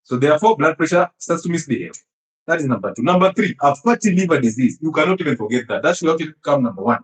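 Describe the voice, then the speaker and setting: A man with a fairly high voice lectures about health in an emphatic, teasing way. He laughs often and pelts his listeners with rhetorical questions. The sound rings in a reverberant room. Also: big pitch swings, quick pace. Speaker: health speaker. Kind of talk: animated health talk. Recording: echoey room.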